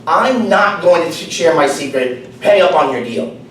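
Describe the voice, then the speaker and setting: A smug, cocky bar patron sure he can win, as a man voices him. his pitch swings lively, and he is far from the mic in an echoey room. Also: moderate pace, a little hiss or hum, natural voice.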